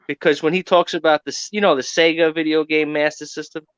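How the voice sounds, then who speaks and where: An American man chatting casually on a live show, telling stories in an animated way and mimicking voices. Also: fairly high pitch, a little fast, smooth, dry recording, lo-fi sound. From United States. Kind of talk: casual chat.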